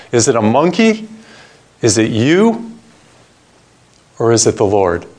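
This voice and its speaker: A man preaching a sermon, reading scripture and telling a joke, slowing down to stress his points. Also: medium pitch. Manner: storytelling, varied pace, emphatic slowing on key points.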